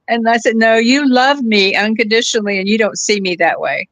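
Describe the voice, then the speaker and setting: A woman in her seventies, speaking briskly in a fairly high voice, is a guest in a casual chat. She's a warm storyteller recounting personal stories, quick to laugh and prone to restarting phrases, with no room sound.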